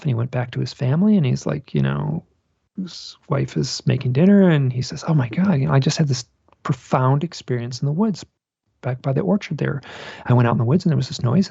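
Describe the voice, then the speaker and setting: A man's voice: medium pitch, animated, fairly quick, creaky, dark tone, husky, no echo, highs cut off. A man, a guest author, telling long rambling stories in a casual interview, with many restarts and asides.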